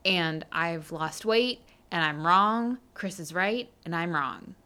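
A woman co-hosts a podcast in easy, casual chat. Her voice is bright and forceful and sits a little low for a woman. She talks in an animated, emphatic way and pokes fun at herself. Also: takes it slowly, clean tone. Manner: animated, emphatic, self-mocking. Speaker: podcast co-host.

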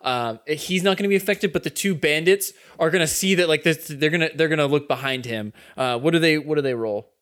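A man's voice: on the high side, fairly quick, hardly any pauses, fairly bright tone. A man narrating as game master of a tabletop role-playing game, laughing often and slipping into voices for his figures.

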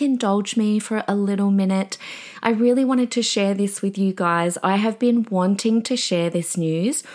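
A woman's voice: mid-range voice, a little mellow. A woman hosting a podcast on her own, chatting in a gushing way with lots of fillers and asides. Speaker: podcast host and preacher. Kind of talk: casual solo podcast chat.

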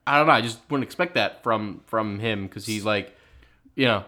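A man's voice: lowish voice, normal speed, sharp tone. A man co-hosting a podcast, teasing his friends while steering the chat back on track. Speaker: podcast co-host. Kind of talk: casual comedic chat.

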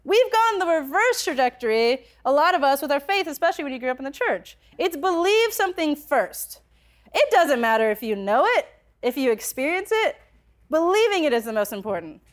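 A woman's voice: sits high, very animated, a little fast. A young adult woman telling a personal story in a conversational way, full of filler words, growing passionate as she speaks. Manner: conversational, many filler likes, grows passionate.

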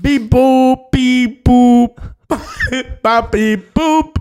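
A man's voice: high-pitched, expressive, slow pace, vocal fry, exaggerated voice. A man playing a grocery cashier who beeps and talks in nonsense syllables. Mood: playful. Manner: beeping, nonsense syllables, loud. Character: gibberish-speaking male grocery cashier, deadpan then menacing.

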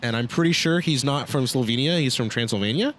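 A man's voice: mid-range voice, fast, fairly bright tone, slight background noise. A man co-hosting a casual sports chat, dry and sarcastic, often hesitating with fillers. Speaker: podcast co-host.

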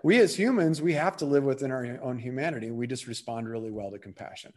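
Brief: quick-paced male consultant, chatty storyteller, mid-range voice. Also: mid-range voice. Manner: storytelling, conversational, animated when making a point. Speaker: business consultant. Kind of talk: casual podcast discussion.

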